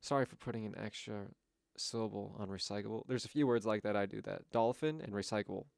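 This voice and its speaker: A man's voice: on the low side, fast, vocal fry, darkish tone, clear, resonant tone, no room sound, studio quality. A man, a gaming YouTuber, reading a visual novel game aloud and breaking off for off-the-cuff asides.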